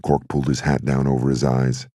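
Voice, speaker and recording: A man narrating an audiobook in a steady, measured way. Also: a bass voice, breathy edge, no room sound, clean studio sound. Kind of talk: scripted narration.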